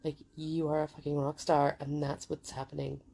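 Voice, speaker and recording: A woman's voice: low voice, little pitch movement, moderate pace, creaky, dark tone. A woman in her forties telling a story in a chatty, casual way, full of fillers and swearing. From United Kingdom. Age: 40s. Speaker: vlogger.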